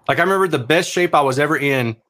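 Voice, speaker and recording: A man's voice: a little high, fast, fairly bright tone. A man co-hosting a casual podcast, laid-back and explaining audio technical detail at length. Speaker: podcast co-host, speaker reviewer. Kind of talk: casual chat.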